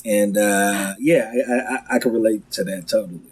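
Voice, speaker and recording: A man's voice: on the low side, slight background noise, low-quality recording. A man, a guest comedian, talking casually on a podcast, telling stories with lots of restarts and acted-out quotes. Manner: animated storyteller, quick restarts, acts out quotes.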